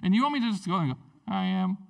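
A man's voice: high-pitched, expressive, quick pace, vocal fry, a bit bright, distant mic, voice pushed up, heavily acted. A man voicing a panicked, doubting Moses who stammers and pleads with God. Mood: nervous.

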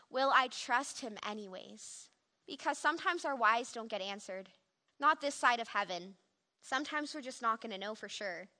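A woman's voice: high-pitched, pushed and bright. A young woman giving an earnest, reflective personal testimony in the style of a sermon. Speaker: speaker giving a devotional.

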